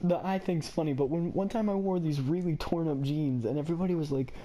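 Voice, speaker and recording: Mellow-voiced young man rambling and laughing. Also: on the high side, fast. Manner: laughing, rambling, lots of fillers. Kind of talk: casual storytelling.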